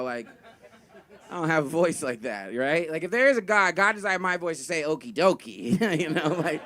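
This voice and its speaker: A young man doing a stand-up comedy set, with a high, thin voice, rambling and self-deprecating, full of fillers. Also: a bit bright. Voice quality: high, thin voice he calls dumb. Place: comedy venue with live audience.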